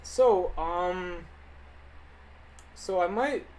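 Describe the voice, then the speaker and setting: A young man rambling casually on a livestream, reading viewer questions aloud and answering them into a desk mic that clips when he gets loud. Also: high-pitched, extremely slow. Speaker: livestreaming animator.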